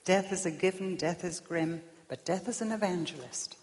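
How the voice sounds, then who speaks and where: A woman preaching a sermon, swinging from loud emphasis down to hushed whispers. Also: on the low side, normal speed, husky. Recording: long reverb of a large hall.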